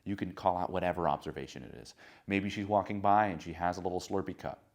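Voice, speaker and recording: Deep-voiced man giving an emphatic motivational talk. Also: fast talker. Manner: emphatic, builds to loud crescendos on lists. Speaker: dating and confidence coach.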